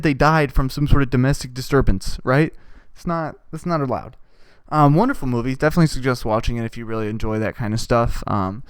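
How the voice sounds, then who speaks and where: A man's voice: medium pitch, clear, resonant tone, dry recording. A young man hosting a podcast, riffing profanely in a rambling comedic monologue and putting on voices for the people he quotes. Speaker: podcast host.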